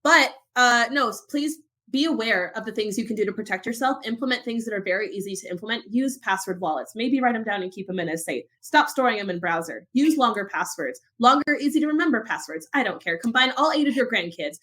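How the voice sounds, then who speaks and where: A young woman co-hosts a casual podcast, with a bright, forceful tone and a slightly high voice. She talks in an animated, emphatic way, ranting with energy. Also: quick pace, few pauses. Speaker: podcast co-host.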